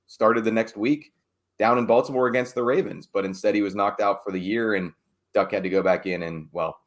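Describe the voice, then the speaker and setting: Man, deep voice, sports reporter, casual podcast chat, wry asides. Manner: chatty, wry asides, digressive. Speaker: team beat reporter.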